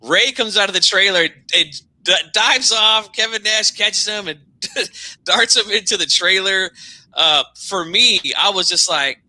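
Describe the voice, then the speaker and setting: A man hosting a casual wrestling talk show, telling stories in an animated way and often tacking on "man". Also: high voice, measured pace, no echo, poor audio. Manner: animated storyteller, says "man" a lot. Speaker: wrestling podcast host. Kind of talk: casual chat.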